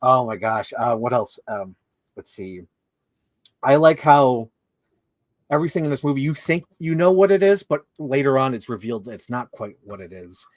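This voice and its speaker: A man's voice: mid-range voice, lively intonation, normal speed, no room sound. A young man co-hosting a casual movie discussion, talking enthusiastically in long run-on lists full of "like". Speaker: co-host.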